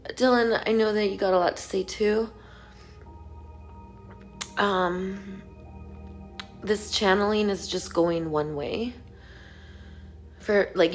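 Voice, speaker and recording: Woman, mid-pitch, slow halting emotional talk that keeps dropping to whispers, faint music behind. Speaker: mother. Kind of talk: emotional monologue to an absent son.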